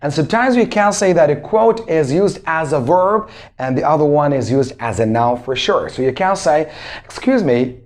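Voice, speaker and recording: A young man with an Arabic accent teaches English pronunciation in a lively, sing-song voice that sits a little high for a man. He stretches his drill words out and asks his viewers rhetorical questions. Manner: emphatic, drawn-out word drills and rhetorical questions. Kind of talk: spoken English lesson.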